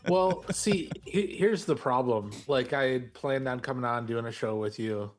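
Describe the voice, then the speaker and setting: A man's voice: mid-range voice, normal speed. A man co-hosting a podcast, making dry, wry remarks in casual chat. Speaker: podcast co-host.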